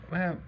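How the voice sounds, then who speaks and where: A man in a tabletop game, speaking for his character and describing what she does, with many fillers. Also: noisy background. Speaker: tabletop player.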